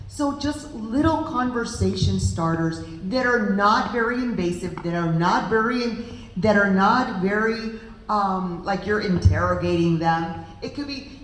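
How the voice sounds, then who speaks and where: A woman's voice: medium pitch, animated, unhurried, reverberant, low-quality recording. A woman giving an earnest, emphatic talk to a group of parents, speaking directly to the audience. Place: meeting room with audience.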